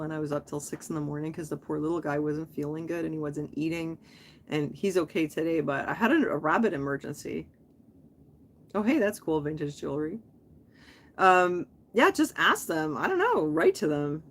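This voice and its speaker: A woman's voice: low voice, fairly quick, a little hiss or hum. Chatty woman rambling on a live stream. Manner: chatty, rambling, full of fillers and asides. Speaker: online reseller and channel host.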